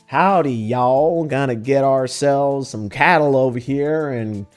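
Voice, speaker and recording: A man's voice: mid-range voice, takes it slowly, soft background music, natural voice. A man voicing a hammy, stereotypical Texan cowboy with an exaggerated Texan drawl and folksy talk.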